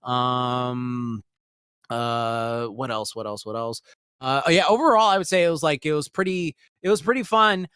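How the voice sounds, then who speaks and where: In a clean, dry studio recording, a male podcast co-host speaks at a moderate pace with a smooth, mid-range, fairly bright voice. His casual review wanders, full of filler words and profanity, with sudden bursts of heated outrage.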